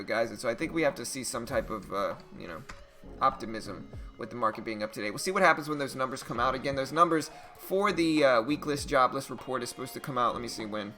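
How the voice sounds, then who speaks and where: A man with a mid-range voice hosts a casual day-trading live stream, reading market news and reacting to stocks in a chatty, animated way.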